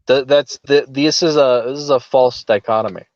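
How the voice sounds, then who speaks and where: A man's voice: mid-range voice, fairly even intonation, no echo. Sarcastic podcast guy, muffled dry sound. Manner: sarcastic, mocking, quick to laugh. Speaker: podcast co-host. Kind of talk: casual political commentary.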